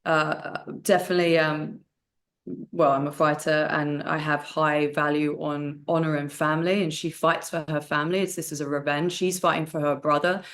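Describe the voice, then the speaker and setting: A young woman talks about her work in a relaxed interview. Her voice sits fairly low for a woman, and her speech is animated, full of fillers and quick restarts. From United Kingdom. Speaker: actress and martial artist guest. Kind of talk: casual interview chat.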